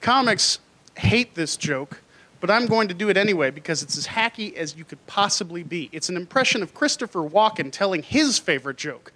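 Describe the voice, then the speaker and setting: A man hosting a stand-up comedy show on a club stage, self-deprecating and unhurried as he introduces the next comic. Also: high-pitched, lively intonation, sharp tone.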